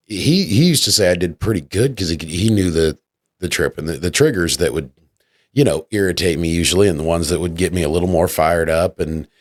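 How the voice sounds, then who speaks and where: A man hosting a casual podcast discussion, speaking deliberately and searching for his words. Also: sits low, no echo, studio quality. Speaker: podcast host.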